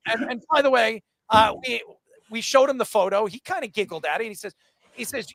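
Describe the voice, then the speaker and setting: High gravelly New man hosting. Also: brisk, no room sound. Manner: animated storytelling with mock voices. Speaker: podcast host. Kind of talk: casual chat.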